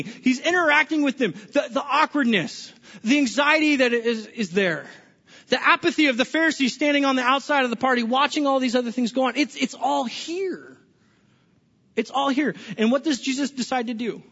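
His voice extremely high, fairly bright and breathy at the edges, a male pastor overseeing small groups delivers a conversational sermon in a church hall with an audience. He regularly restarts words and quizzes his listeners, and the hall sounds echoey on a dull, lo-fi recording.

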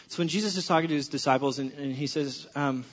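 A male pastor preaching a sermon, acting out his conversations with God in an animated storytelling way. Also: on the high side, fast, muffled recording.

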